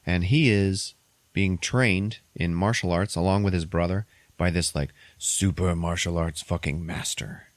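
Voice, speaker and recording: Low-voiced man recapping a movie casually. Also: unhurried, no echo. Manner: profane, animated storytelling. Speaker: podcast host.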